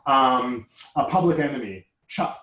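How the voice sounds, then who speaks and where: In a roomy, echoing recording, a man with a medium-pitched, slightly bright voice chats casually at a measured pace. He's animated and enthusiastic, rambling from thought to thought and cracking jokes at his own expense as a conversation partner.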